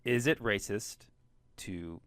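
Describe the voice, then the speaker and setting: A man's voice: fairly low pitch, slow, a bit bright, smooth, no echo. A man hosting a comedy podcast, laughing often and asking his guest probing questions. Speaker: podcast host. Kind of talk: casual podcast banter.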